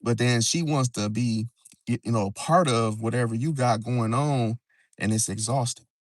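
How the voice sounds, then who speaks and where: A man's voice: mid-range voice, moderate pace, dry recording. Guy rambling on a live stream, lots of "see?" and "bro", dry close sound, sometimes drops to a whisper. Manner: loose, repetitive, drops "see?" and "bro" often. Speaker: astrology live-stream host. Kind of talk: casual live-stream talk. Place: outdoors near a parking area.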